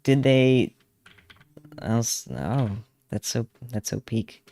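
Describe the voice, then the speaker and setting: A man's voice: medium pitch, animated, drawn-out words, gravelly, warm tone. A young man streaming, chatting casually and rambling with laughs while he draws. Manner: rambling, laughing, hums along to songs. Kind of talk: casual livestream chat while drawing.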